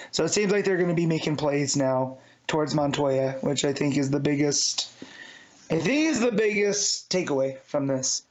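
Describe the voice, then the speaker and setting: A man's voice: a little high, expressive, normal speed. A man co-hosting a podcast, summing up comics in a casual, rambling chat full of fillers and restarts. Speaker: podcast co-host. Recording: dull lo-fi sound.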